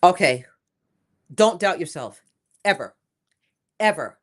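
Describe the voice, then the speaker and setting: Older woman, low voice, emphatic and animated, casual interview guest. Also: slow pace. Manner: lively, emphatic, repeats phrases for emphasis. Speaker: inventor and guest.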